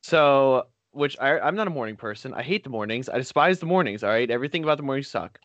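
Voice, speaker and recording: A man's voice: mid-range voice, lively intonation, fast, fairly bright tone, no room sound, dull audio. A man telling a story in casual chat, sarcastic and exasperated, acting out what people said.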